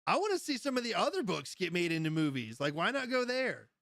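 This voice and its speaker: A man's voice: high voice, sing-song, fast talker, vocal fry, a bit bright, no room sound. A man hosting a casual live stream, rambling through stories, laughing often as he goes and answering his chat. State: high. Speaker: livestream host.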